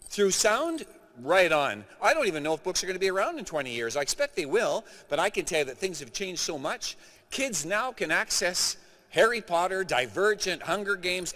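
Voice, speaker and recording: A middle-aged man from Canada delivers a keynote in a big conference hall, his fairly high voice carrying a long reverb tail. He speaks with animated emphasis, pressing points home to the crowd. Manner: animated, emphatic speaker addressing a live audience.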